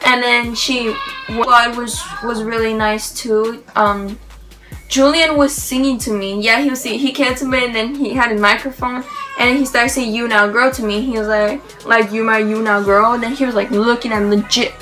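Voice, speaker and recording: Bright, excitable young woman vlogger. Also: fairly high pitch, normal speed, faint music behind, poor audio. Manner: excited, rambling, gushing, heavy use of "like". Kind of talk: casual storytelling to camera.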